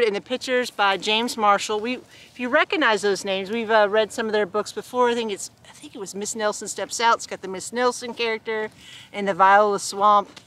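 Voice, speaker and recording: A woman with a high, bright, forceful voice leads storytime outside on a farm, sitting by a hay bale among the animals. She reads a picture book aloud and chats with giggles between pages.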